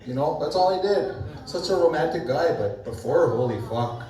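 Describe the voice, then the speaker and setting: A man's voice: fairly high pitch, expressive, moderate pace, warm tone. A man doing a crude, rambling stand-up set, often laughing at his own jokes. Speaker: stand-up comedian. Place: comedy club stage. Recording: echoey club from far off, audience noise.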